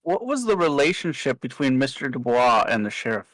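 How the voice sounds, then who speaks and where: A man's voice: medium pitch, very animated, brisk, a bit bright, no room sound, poor audio. A man playing a tabletop game, asking probing, persistent questions. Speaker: player. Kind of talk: casual tabletop game chat.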